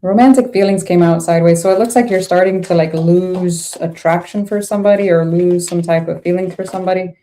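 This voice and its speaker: A woman's voice: on the low side, fairly even intonation, a little fast, few pauses, mellow. Blunt, exasperated woman reading tarot. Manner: blunt, exasperated, swears freely. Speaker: tarot reader. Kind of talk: casual tarot reading to camera.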